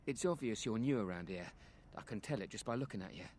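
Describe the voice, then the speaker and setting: A man's voice: lowish voice, expressive, fast, a little mellow, a little hiss or hum, lightly acted. A man voicing a posh British refugee beggar. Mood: weary. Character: weary adult male refugee beggar, street-wise. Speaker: video game character. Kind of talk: game voice acting.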